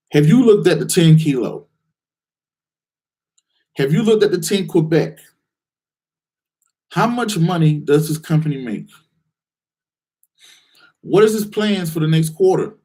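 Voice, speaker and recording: Man, live call-in host, slightly high pitch, direct, challenging, rhetorical questions. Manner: animated, acts out excited investors in a higher voice. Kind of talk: live call-in Q&A, coaching viewers.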